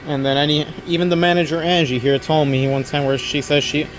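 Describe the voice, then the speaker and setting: A man's voice: on the high side, level tone, a little fast, slight background noise. A young man working an overnight store shift, talking casually to camera in a rambling, earnest way that repeats itself. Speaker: overnight convenience store clerk.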